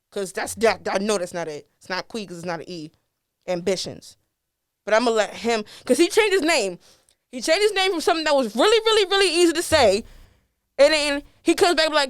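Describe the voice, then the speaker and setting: A woman's voice: high voice, a little fast, clear, resonant tone, dry recording, clean studio sound. Chatty young woman podcast host. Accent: American, DMV area. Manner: chatty, laughs often, lively swings in loudness. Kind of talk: casual chat.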